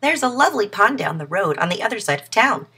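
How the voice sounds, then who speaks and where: Kind, gentle lady from a children's storybook, voiced by a woman reader, bright and airy. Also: mid-range voice, very animated, quick pace, slightly rough, voice pushed up, exaggerated voice. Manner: gentle and welcoming. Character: kindly helpful adult woman.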